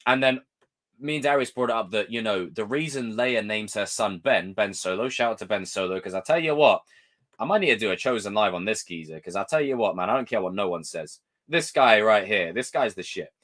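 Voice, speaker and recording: A man's voice: lowish voice, fairly quick, a bit bright. A man, hosting a live stream and ranting in a casual, exasperated way, swearing often.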